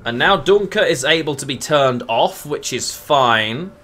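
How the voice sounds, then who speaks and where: A man's voice: a little high, expressive, unhurried, a bit bright. A man gives casual commentary while playing a game, thinking aloud and chatting with viewers between moves. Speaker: game streamer.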